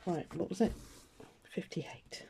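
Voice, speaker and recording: A woman's voice: slow, dark tone, a little hiss or hum. Chatty woman colouring. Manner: chatty and self-mocking, with little laughs and mutters to herself. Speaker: colouring vlogger. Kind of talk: casual chat while colouring.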